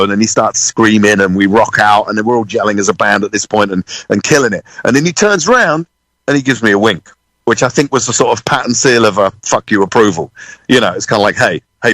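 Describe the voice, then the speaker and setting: A British man, a drummer, telling a lively story in a radio interview, swearing freely and acting out other people's voices. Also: on the low side, no echo, low-quality recording. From United Kingdom. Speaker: guest drummer.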